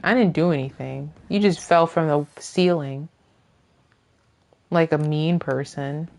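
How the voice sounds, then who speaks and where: A woman's voice: low voice, unhurried, creaky, a little mellow. A woman streamer giving casual let's-play commentary, jokingly scolding the enemies and characters on screen. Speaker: gaming streamer.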